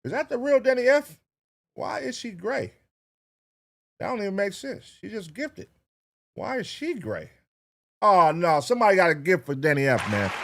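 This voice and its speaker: A man streaming live, reacting to clips and chatting loudly and profanely with his viewers. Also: sits high, brisk. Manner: loud, excitable, profane, animated. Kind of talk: casual livestream chat.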